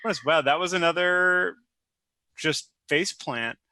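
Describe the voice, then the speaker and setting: A man's voice: on the high side, unhurried, bright, forceful tone, no room sound. A man playing a tabletop game, sheepish and laughing about his own bad rolls. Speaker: player. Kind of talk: casual tabletop play.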